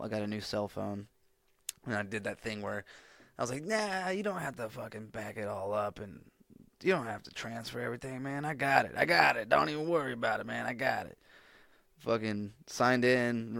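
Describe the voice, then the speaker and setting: A man's voice: lowish voice, a bit bright, no echo, studio quality. A man hosting a solo podcast, chatting casually in a rambling, profane, laid-back way. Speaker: podcast host.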